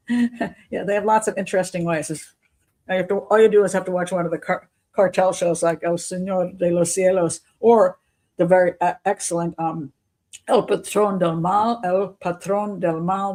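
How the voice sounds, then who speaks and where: A woman's voice: fairly low pitch, a little mellow. Chatty, skeptical woman thinking aloud. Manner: thinks aloud, restarts sentences, chuckles often; skeptical, questioning. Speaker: criminal profiler hosting a live show. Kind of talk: live-stream commentary answering chat.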